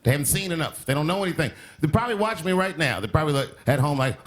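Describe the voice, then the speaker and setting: A male stand-up comedian doing a monologue. He swings between deadpan and sharp outbursts. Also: a little high, very fast, few pauses, a little hiss or hum. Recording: TV broadcast with live audience laughter. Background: studio audience laughing.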